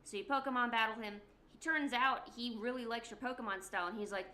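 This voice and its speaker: A woman's voice: medium pitch, fairly even intonation, a little fast, sharp tone, slight background noise. A woman streamer chatting casually, telling a rambling, joking story. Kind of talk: casual livestream chat.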